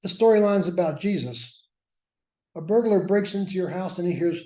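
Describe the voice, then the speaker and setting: A man's voice: high voice, moderate pace, mellow. A man teaching a workshop class, lecturing with wry, self-mocking asides. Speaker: workshop instructor. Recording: roomy echo.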